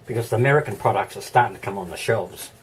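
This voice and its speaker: A man's voice: fairly low pitch, fast, slightly rough, distant mic. An Australian man chatting casually in a vlog, rambling, thinking aloud and chuckling often, recorded indoors. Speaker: vlogger. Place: indoor room.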